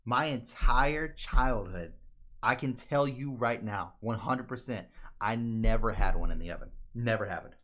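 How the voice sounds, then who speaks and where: Bright-voiced man telling stories. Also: mid-range voice, a little slow. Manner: rambling, profane, animated storytelling. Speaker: podcast co-host. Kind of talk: casual chat.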